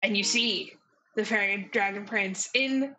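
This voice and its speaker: A woman narrating as game master, often pausing and restarting. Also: medium pitch, pushed and bright, slight background noise, poor audio. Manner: hesitant, many restarts.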